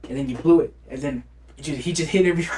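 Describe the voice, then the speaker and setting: Higher-voiced young man, easygoing chat. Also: fast talker. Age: young adult. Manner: easygoing, short agreeing replies, animated storytelling. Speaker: podcast co-host. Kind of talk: casual chat.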